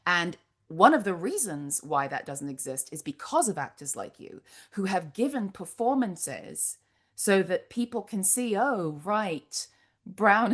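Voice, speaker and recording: Earnest lower-voiced woman interviewer. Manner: earnest, emphatic, talks in long run-on thoughts with many "like" and "you know". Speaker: podcast host, interviewer. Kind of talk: casual interview chat.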